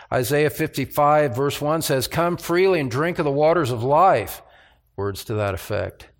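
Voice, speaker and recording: Earnest male pastor preaching. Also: a little high. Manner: earnest, pleading, measured. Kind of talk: Christmas Eve sermon and communion prayer. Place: church.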